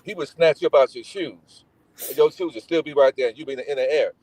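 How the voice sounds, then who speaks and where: A middle-aged guest from Gary, Indiana, in the United States, animatedly tells family stories in casual talk, acting out the voices of the people involved. He speaks fast in a slightly high voice, with a crowd in the background and a rough recording.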